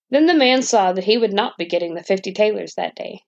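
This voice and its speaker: A woman's voice: mid-range voice, lively intonation, brisk, gravelly, hardly any pauses, darkish tone, no room sound. Woman reading a bedtime story. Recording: dull dry lo-fi recording.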